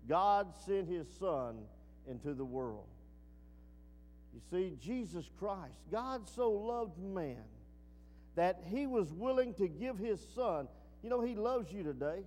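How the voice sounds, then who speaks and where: A man preaching a sermon, swinging from emphatic peaks down to low, quiet asides. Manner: rising to emphatic peaks then dropping low. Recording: long reverb.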